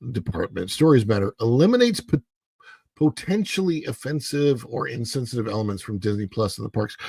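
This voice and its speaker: A man's voice: medium pitch, vocal fry, slightly rough, dry recording. A man hosting a solo livestream, giving emphatic, opinionated commentary with frequent halts and restarts. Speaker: host.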